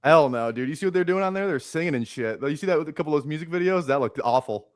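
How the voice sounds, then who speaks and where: Relaxed male co-host, rambling and casual, dry close mic. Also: fairly high pitch, very fast, no echo. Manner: easygoing, rambling, with fillers. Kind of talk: casual chat on a live stream.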